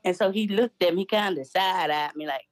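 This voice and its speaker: A woman's voice: fairly low pitch, normal speed, no echo, poor audio. A woman guest telling her faith testimony in a casual, earnest way, acting out the voices of people in her story.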